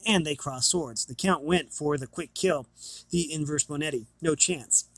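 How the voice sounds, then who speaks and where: A man's voice: a little high, normal speed, a bit bright, no room sound. A man reading a novel aloud, plainly, with small stumbles and restarts. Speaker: reader.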